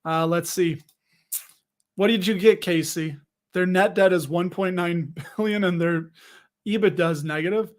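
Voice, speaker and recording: A young man with a rather high voice hosts a laid-back livestream. He chats with his viewers in a rambling, jokey way, full of fillers and quick self-corrections. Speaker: livestream host reading viewer comments. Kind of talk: casual livestream chat about dividend investing.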